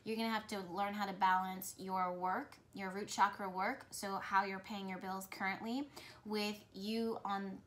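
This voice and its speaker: A woman shares an intuitive message to camera as a spiritual reader, earnest, flowing and repetitive as she addresses viewers. She speaks unhurriedly in a medium-pitched, slightly bright voice with a flat delivery.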